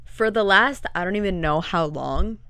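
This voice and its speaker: A woman's voice: medium pitch, animated, normal speed, sharp tone, no room sound. A young woman co-hosting a podcast, rambling and self-deprecating in casual chat. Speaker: podcast co-host.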